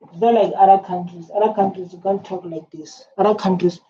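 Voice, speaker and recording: A South African woman giving excited, repetitive commentary as a reaction video host, halting with fillers. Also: medium pitch, crowd noise. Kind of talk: casual commentary. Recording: dull lo-fi sound with faint ambience.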